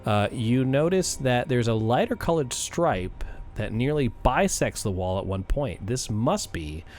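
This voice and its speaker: A man's voice: medium pitch, animated, measured pace, darkish tone, faint music behind. A man running a tabletop game as dungeon master, narrating scenes with frequent fillers.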